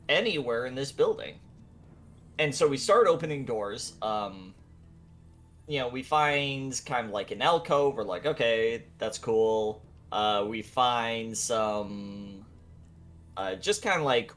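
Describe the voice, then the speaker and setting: A man casually recapping a tabletop game session for friends, laughing and acting out the characters' lines as he goes. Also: medium pitch. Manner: animated, laughing, acts out voices in the retelling.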